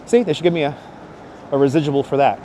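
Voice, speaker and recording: A man's voice: a little high, fast, warm tone, a little hiss or hum. A man chatting casually with viewers while live-streaming as he walks city streets, greeting them by name and joking. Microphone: wireless clip-on mic.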